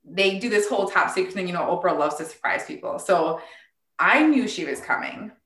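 Animated woman storyteller in a roomy room. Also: on the low side, brisk. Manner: animated, laughing, acts out quotes. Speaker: tribal entrepreneur guest. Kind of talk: casual storytelling interview.

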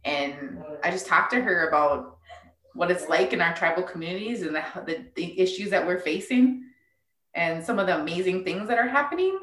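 A woman's voice: on the low side, normal speed, roomy sound. A woman, a tribal entrepreneur, telling a story in a casual interview, laughing and acting out what people said. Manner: animated, laughing, acts out quotes.

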